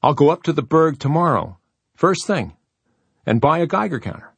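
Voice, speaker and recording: A man reading an audiobook, voicing an excitable, hot-headed young man who talks eagerly and heatedly. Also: lowish voice, brisk, no echo. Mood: excited.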